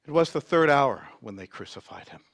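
A man preaching a sermon, reading scripture dramatically and swinging from loud emphasis to near whispers. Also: medium pitch, lively intonation, brisk, gravelly, dry recording.

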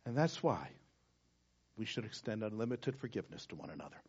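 A male pastor preaching a sermon, swinging from loud emphasis down to hushed, near-whispered words. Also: lowish voice, sing-song, brisk, slightly rough. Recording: dull lo-fi sound.

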